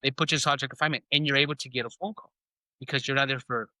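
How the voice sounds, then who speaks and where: A man's voice: medium pitch, fairly even intonation, racing, bright, forceful tone, dry recording. A man, a podcast guest, telling a personal story in casual talk, reenacting conversations and often saying bro. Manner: casual, reenacts dialogue, says bro a lot.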